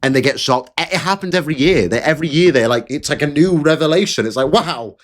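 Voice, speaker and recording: A man with a slightly high voice, talking in a loose, off-the-cuff commentary. He is sarcastic and mocking and says his jabs twice over for effect. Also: fast talker. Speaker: political commentator. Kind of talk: casual ranting commentary.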